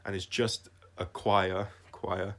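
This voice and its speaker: A man talking through his own songs on a casual livestream, reflective and halting, often restarting his sentences and trailing off quietly. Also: low-pitched, flat delivery. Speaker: singer-songwriter explaining his songs.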